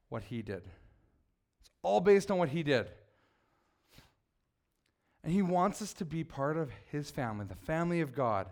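A man preaching a sermon as pastor to his church, earnest and emphatic, prompting the congregation to repeat after him. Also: on the high side.

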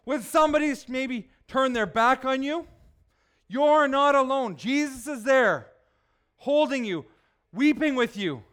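A man's voice: very high-pitched, expressive, measured pace, a bit bright, smooth. A man preaching a sermon in church, emphatic and often asking the congregation questions. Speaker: pastor.

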